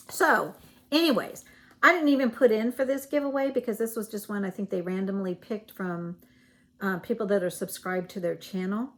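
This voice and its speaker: Speaking at normal speed in a mid-range voice, a Virginia woman with a Southern accent shows stitching goodies on her cross-stitch vlog. Her casual show-and-tell wanders, full of fillers and self-corrections.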